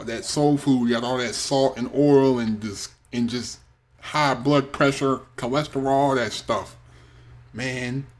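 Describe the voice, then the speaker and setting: A man hosting a reaction video, chatting casually and talking back at the clip in loose, slangy speech. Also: mid-range voice.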